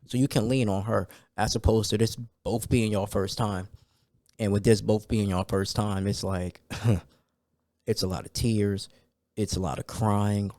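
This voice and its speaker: A man hosting a solo podcast in a loose, conversational way, full of fillers and sudden excited rants. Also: fairly low pitch, no echo, studio quality. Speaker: podcast host. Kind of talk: casual solo podcast talk.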